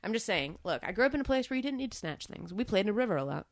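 A woman's voice: medium pitch, sing-song, racing, dry recording, studio quality. A woman in her thirties co-hosting a podcast, rambling chattily with lots of fillers. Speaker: podcast co-host. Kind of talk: casual chat.

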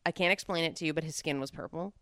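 A woman's voice: low-pitched, rapid-fire, a bit bright, dry recording, studio quality. A woman in her thirties from New Jersey, co-hosting a casual podcast chat with playful, teasing banter. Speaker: podcast co-host.

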